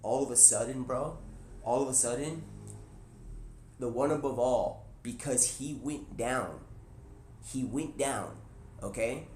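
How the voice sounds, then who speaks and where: Male streamer, mid-pitch, excitable slangy storyteller; roomy echo, faint noise. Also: measured pace. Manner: excited, slangy, many restarts and "he's like". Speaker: Twitch streamer. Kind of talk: casual rambling storytelling. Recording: echoey room with faint background noise.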